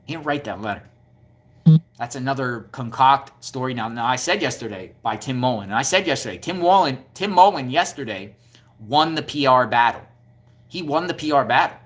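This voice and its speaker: A man talking straight to his channel in casual true-crime commentary. He is combative and keeps repeating his points, stacking up rhetorical questions. His voice sits at an everyday middle pitch. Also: lively intonation, brisk, a bit bright. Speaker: YouTube commentator.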